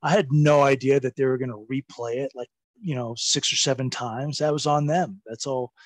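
A man's voice: medium pitch, fairly even intonation, normal speed, dry recording. A man in his forties, a former wrestler, telling stories in a casual interview. His speech is rambling and profane, and it is full of fillers.

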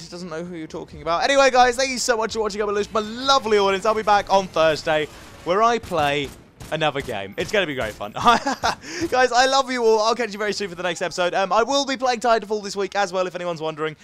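A man's voice: high-pitched, animated, brisk, a bit bright, a little hiss or hum. A man giving live gameplay commentary as a gaming video host, swinging between frustrated outbursts and muttered asides.

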